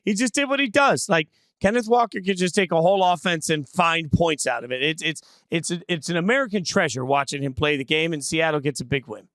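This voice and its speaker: Man, fairly high voice, dry close sound, opinionated sports host, brash. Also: brisk, hardly any pauses, a bit bright, no room sound. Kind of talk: casual sports analysis chat.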